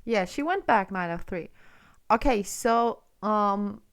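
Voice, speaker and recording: A woman commentates a chess game on a live stream in a casual, chatty way, often thinking aloud and hedging over moves. Her voice sits at a middling pitch with a noticeable gravelly fry. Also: expressive, slow pace. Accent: non-Irish. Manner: thinks aloud, hesitant, chatty, reads chat questions.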